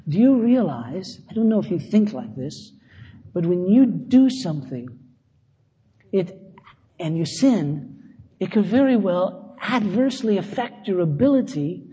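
A middle-aged man delivers a conversational sermon in a church, his voice mellow and slightly husky and pitched a little high for a man. He moves between scripture and self-deprecating asides, and the sound carries a long church reverb. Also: sing-song, a little slow, muffled recording. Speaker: pastor.

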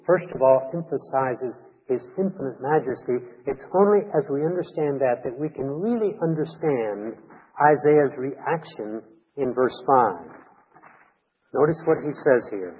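A man's voice: mid-range voice, animated, measured pace, husky. A man preaching a sermon as a pastor, earnest and emphatic, repeating key words for weight. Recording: long reverb, dull lo-fi sound.

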